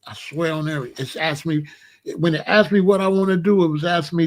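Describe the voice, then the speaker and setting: Animated man telling a comic story. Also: a little high, quick pace. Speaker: show host.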